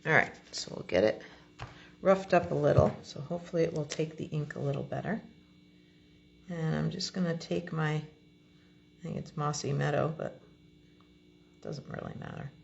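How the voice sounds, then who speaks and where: A woman demonstrating card making, explaining each step in a relaxed, chatty way as she works. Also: deep voice, normal speed, gravelly, long pauses, muffled recording, slight background noise. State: has the hiccups. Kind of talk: crafting tutorial.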